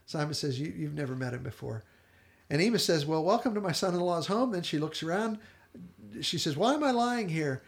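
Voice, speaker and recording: A man co-hosting a podcast, animatedly retelling a TV episode and quoting the characters in quick little voices. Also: fairly high pitch, vocal fry. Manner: animated storyteller, quotes characters in brief voices, laughs often. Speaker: podcast co-host.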